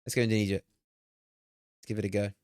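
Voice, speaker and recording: A young man streaming a game, talking excitedly, swearing and laughing at himself. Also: fairly low pitch, moderate pace, dry recording, clean studio sound. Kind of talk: live-stream gameplay commentary.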